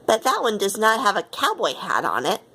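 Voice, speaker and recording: A woman's voice: medium pitch, wildly swooping pitch, normal speed, sharp tone, husky, heavily acted. A woman voicing a friendly young schoolboy in a children's storybook, speaking in a plain, matter-of-fact way.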